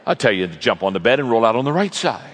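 A man's voice: medium pitch, sing-song, fast talker, a little hiss or hum. A man preaching a sermon in a folksy, joking storytelling manner to a large audience. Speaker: pastor, guest speaker. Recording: long reverb of a large hall.

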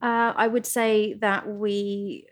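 A woman's voice: mid-range voice, level tone, takes it slowly. Friendly, earnest woman podcast guest. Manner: friendly, earnest, with some hesitant restarts. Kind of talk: casual interview chat.

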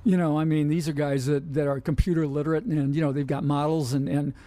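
A man's voice: on the high side, fast, dry recording. A man who gambles professionally, a guest telling stories in a casual interview, chatty with lots of filler. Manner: chatty, many you-knows, animated when telling stories.

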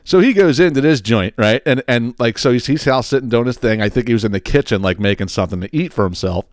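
A man's voice: medium pitch, lively intonation, fast, no room sound, clean studio sound. A man hosting a podcast, telling a rambling, profane story, often laughing and acting out the scenes. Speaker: podcast host. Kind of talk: casual storytelling monologue.

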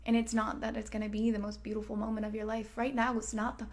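A woman's voice: on the high side, monotone, quick pace. A woman hosting a self-help podcast, talking casually and swearing freely. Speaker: podcast host. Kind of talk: motivational self-help talk.

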